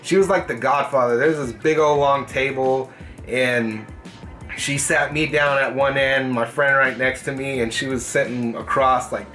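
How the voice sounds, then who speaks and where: A young man hosting a vlog, casually telling a story from school, swearing freely and animated. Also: medium pitch, moderate pace, soft background music. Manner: profane, animated, puts on voices in quotes. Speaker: gaming channel host.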